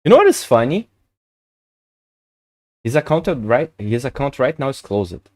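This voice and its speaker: A man chatting casually on a live chess stream, excitable and chatty, swearing and laughing often. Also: mid-range voice, a little slow, dry recording, studio quality. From Brazil.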